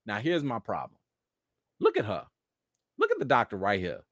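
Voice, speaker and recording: A man's voice: lowish voice, wildly swooping pitch, moderate pace, pauses often, dry recording, studio quality. A man hosting a live chat reaction and review of a TV episode, talking casually with lots of "you know" fillers. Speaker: show host and reviewer.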